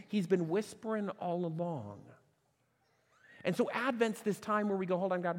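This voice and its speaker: A man preaching a sermon as pastor, conversational and animated, asking rhetorical questions and restarting phrases. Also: high voice, normal speed, in a large hall. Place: church sanctuary.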